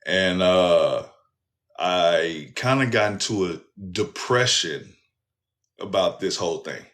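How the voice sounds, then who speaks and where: A man hosting a casual talk show, telling a personal story in an animated, profane way and speaking straight to his listeners. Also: low voice, takes it slowly. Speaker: host.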